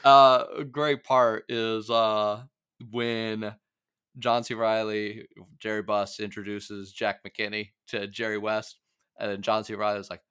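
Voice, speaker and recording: A man co-hosting a podcast, chatting casually and laughing through quick asides. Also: on the low side, little pitch movement, fairly bright tone, clean tone, no room sound, clean studio sound. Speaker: podcast co-host.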